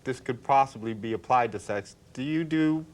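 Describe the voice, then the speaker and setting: A man hosting a casual interview, asking relaxed, chatty questions full of fillers. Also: medium pitch, moderate pace.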